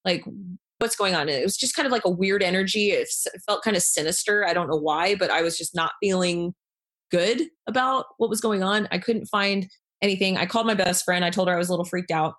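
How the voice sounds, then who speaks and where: Animated woman telling a spooky story. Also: fairly low pitch, a little fast. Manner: animated, acts out quoted lines, many fillers. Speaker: guest telling a personal story. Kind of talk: casual storytelling.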